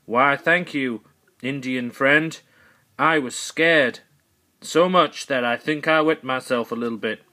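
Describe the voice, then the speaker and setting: A man's voice: mid-range voice, slow pace, bright, forceful tone. A man voicing a bumbling, cowardly male president who rambles and corrects himself.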